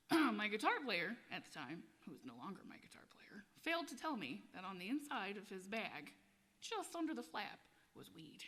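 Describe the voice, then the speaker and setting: A woman singer-songwriter telling a loose, profane road story between songs, with frequent laughs and quick asides. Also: medium pitch, very animated, fairly bright tone, husky.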